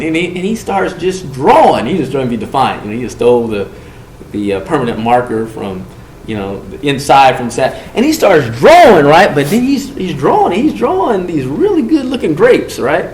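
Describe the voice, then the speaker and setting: Male speaker, prevention workshop, lively storyteller, slightly high voice, echoey room with faint hiss. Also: moderate pace. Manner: animated, acts out quotes with swings in pitch and volume. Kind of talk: storytelling to a group.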